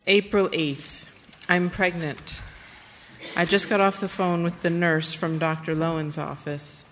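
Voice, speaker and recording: A woman's voice: fairly low pitch, level tone, unhurried, a bit bright, soft background music. A woman author who explains her book, then reads an intimate first-person passage from it aloud, with some hesitant asides. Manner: intimate, plain-spoken reading with hesitant asides. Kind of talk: reading aloud from a memoir. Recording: roomy hall with faint background noise.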